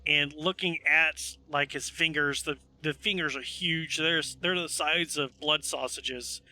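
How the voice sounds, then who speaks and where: A man running a tabletop game as game master, explaining rules and narrating at an unhurried pace with many restarts. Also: on the high side, fairly even intonation, bright, forceful tone. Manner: unhurried, with frequent restarts and asides.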